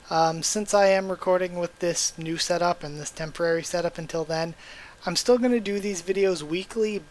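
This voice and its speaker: A man reading a comic aloud for his channel, reacting emotionally between panels, his voice strained. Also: a little high. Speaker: YouTuber reading manga aloud. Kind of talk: comic readthrough with commentary.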